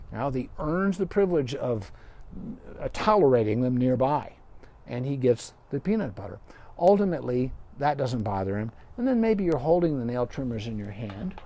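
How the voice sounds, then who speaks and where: A man's voice: medium pitch, mellow. A middle-aged man, a veterinarian, patiently explaining dog care step by step in a live question-and-answer session, with folksy sayings.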